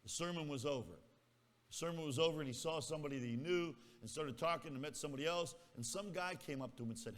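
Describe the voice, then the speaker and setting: A male pastor with a fairly high voice and fast delivery tells a story during a sermon in a folksy way, teasing his congregation. Echoey hall reverb colors the recording.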